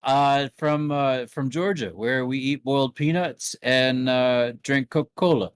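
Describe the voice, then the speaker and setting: Slow-talking man with frequent laughs. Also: medium pitch, steady tone, clean tone, no room sound. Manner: laughs often, halting with many fillers. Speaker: podcast co-host. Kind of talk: casual chat.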